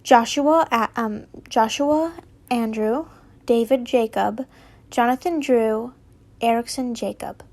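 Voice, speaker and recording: A woman's voice: a little high, slow pace, darkish tone. A young woman reading fanfiction aloud casually, giggling, rambling into asides and stumbling over words. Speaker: fanfiction reader.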